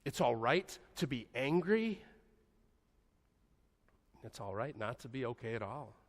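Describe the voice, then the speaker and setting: Soft-spoken pastor in an echoey church. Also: male voice, mid-range voice, expressive. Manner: slow, soft-spoken, with long pauses and dropping to a hushed voice. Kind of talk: sermon. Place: church sanctuary.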